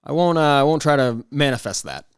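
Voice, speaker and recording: A man hosting a solo podcast, rambling in a casual, excitable way with frequent restarts and mock outrage. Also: mid-range voice, a little fast, clear, resonant tone, dry recording, clean studio sound. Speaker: podcast host.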